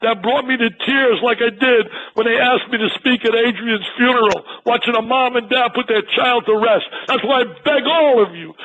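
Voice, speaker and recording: A man's voice: extremely high pitch, bright, forceful tone. An older man making an emotional, pleading charity appeal as a guest on a talk show, heard over a dull lo-fi line with some hiss.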